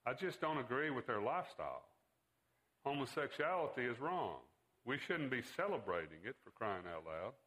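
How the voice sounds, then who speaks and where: A man's voice: mid-range voice, sing-song, moderate pace, fairly bright tone, low-quality recording. A man voicing a middle-aged father who defends his views with bluster in a read-aloud story. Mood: defensive.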